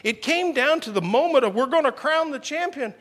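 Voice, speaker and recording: Animated preacher man in echoing hall. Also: extremely high pitch, brisk. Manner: animated storytelling, swings from loud exclamations to quiet emphasis. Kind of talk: sermon. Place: church.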